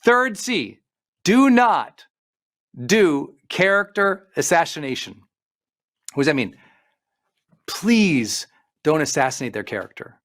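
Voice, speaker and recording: A middle-aged man, a performance coach, giving an emphatic motivational talk with slowed-down stresses and listed points. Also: fairly high pitch, very animated, a bit bright. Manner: emphatic, preachy delivery with slowed stresses and lists.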